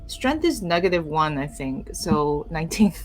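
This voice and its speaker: A woman playing a tabletop game, soft-spoken and a little tentative. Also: low-pitched, expressive, normal speed, soft background music. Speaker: player. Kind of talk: casual tabletop play.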